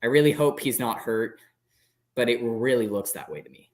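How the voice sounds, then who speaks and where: A man's voice: mid-range voice, moderate pace. A man co-hosting a sports podcast, talking in a hesitant way that often restarts and repeats words. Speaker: podcast co-host. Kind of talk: casual sports chat.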